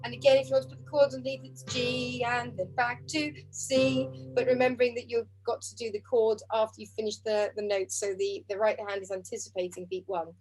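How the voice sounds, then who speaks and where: A woman's voice: on the high side, flat delivery, fairly quick, few pauses, a little mellow, faint music behind, rough recording. A woman teaching a harp group over a video call, counting beats aloud and humming the tunes. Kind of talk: online group music lesson. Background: harp playing.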